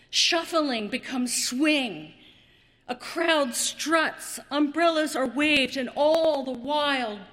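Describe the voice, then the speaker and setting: A woman preaching a sermon, slow and dramatic, with long pauses and repeated words. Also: high voice, fairly bright tone, big-room sound.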